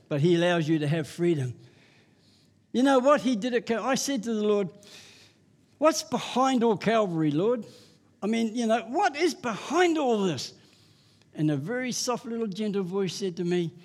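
An older man preaches with fervour, repeating his refrains and swinging from loud peaks to quiet, earnest confession. His voice sits notably high for a man. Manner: impassioned, repetitive refrains, rising to loud peaks. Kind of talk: sermon.

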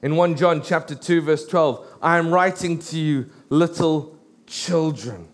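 High-voiced animated male preacher. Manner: animated storytelling, slows for scripture. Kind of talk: sermon.

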